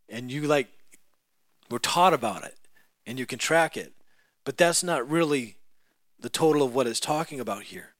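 A man preaching a sermon in a church, telling a story with lively acted-out voices that rise to loud peaks. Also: mid-range voice, brisk, long pauses, dry recording.

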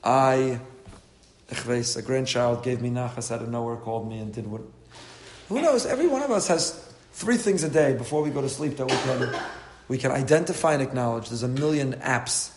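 A man's voice: medium pitch, a little mellow, echoey room, a little hiss or hum. An older man giving an earnest sermon as a rabbi. He mixes in Hebrew and Yiddish terms and builds to impassioned pleading.

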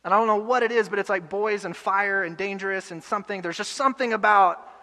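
A young adult man preaching a sermon earnestly, building to loud emotional peaks. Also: high voice, quick pace, long reverb tail. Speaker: pastor. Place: church hall.

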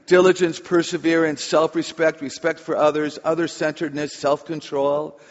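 A woman's voice: low voice, little pitch movement, normal speed. Playful chatty lady giving a talk, echoey hall, kinda muffled sound. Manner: chatty, playful, audience-engaging. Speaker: author and speaker on children. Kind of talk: humorous talk to a live audience. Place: large hall with audience.

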